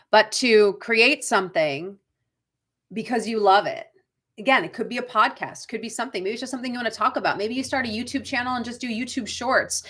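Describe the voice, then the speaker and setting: An acting career coach, a middle-aged woman with a Boston accent, hosts a live coaching chat for actors with a fairly bright voice on the high side. She talks casually, reads viewers' comments aloud, and frequently tags her points with "right?".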